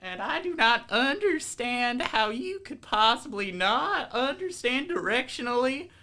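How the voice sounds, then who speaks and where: A woman's voice: on the high side, very animated, measured pace, pushed and bright, full character voice. Woman putting on a folksy backwoods banjo player. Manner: folksy, drawling, indignant. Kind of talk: tabletop role-play voice.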